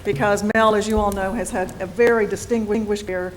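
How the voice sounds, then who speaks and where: A woman's voice: medium pitch, steady tone, brisk. Chatty woman at a council meeting. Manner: chatty, affectionate, laughs often. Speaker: city council member, former news anchor. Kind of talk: formal meeting remarks. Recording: noisy meeting chamber.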